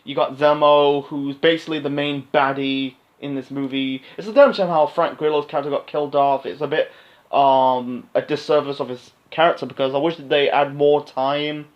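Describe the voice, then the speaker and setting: A man talks through a film review in a loose, rambling way, stopping and restarting often. His voice sits a little high for a man. The recording is dull and lo-fi. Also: fairly even intonation, normal speed. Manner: rambling, many fillers and restarts. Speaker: movie reviewer. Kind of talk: casual unscripted review monologue.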